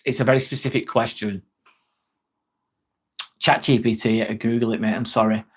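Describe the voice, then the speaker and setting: A man's voice: medium pitch, steady tone, normal speed, slightly rough. A young man hosting a casual livestream, reading viewers' comments aloud and answering them in a chatty, reassuring way. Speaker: livestream host. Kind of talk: casual live-stream chat reading comments.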